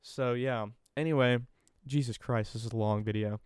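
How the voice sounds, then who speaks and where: Young man, casual story time, rambling and swearing, smooth clear voice, dry close sound. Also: mid-range voice, steady tone, normal speed, a little mellow, no room sound. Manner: rambling and profane, retelling with quoted back-and-forth. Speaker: vlogger.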